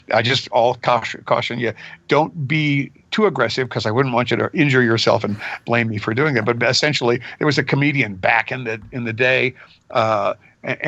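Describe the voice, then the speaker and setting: An older voice actor chats through his stories, bouncing between his own voice and quick character bits. The sound is a little dull and dry, as from a remote recording. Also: medium pitch, no room sound. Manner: animated, jumps into character voices mid-story. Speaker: voice actor guest. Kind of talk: casual interview storytelling.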